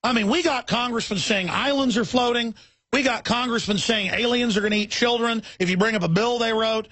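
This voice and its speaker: A man hosting a radio talk show, ranting in a fiery, mocking way with quick tangents. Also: very high-pitched, a bit bright, no room sound.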